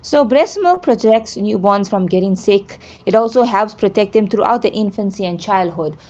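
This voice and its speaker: A woman's voice: mid-range voice, lively intonation, normal speed, darkish tone, muffled recording. A middle-aged woman, a breastfeeding support leader, explains things earnestly in a radio interview using simple examples.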